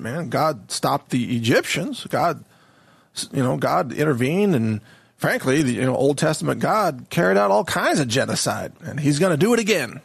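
A man's voice: a little high, lively intonation, unhurried, gravelly, slightly rough, no room sound, studio quality. A man giving a casual, opinionated monologue on world affairs, mocking how others pronounce place names. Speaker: political commentator.

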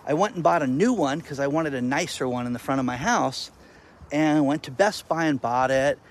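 A male content creator telling stories to camera outdoors in the wind, animated and exasperated. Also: fairly high pitch, moderate pace. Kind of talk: casual vlog rant.

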